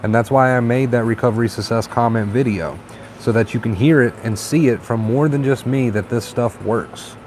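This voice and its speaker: A man hosting a casual live stream, chatting in a relaxed, encouraging way and reading viewer comments aloud. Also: medium pitch, normal speed, a little hiss or hum. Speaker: livestream host.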